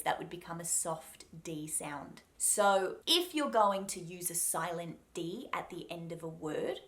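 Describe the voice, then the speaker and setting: A woman with an Australian accent teaching a pronunciation lesson, speaking deliberately and repeating each sound to demonstrate it. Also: lowish voice, fairly bright tone. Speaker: accent coach.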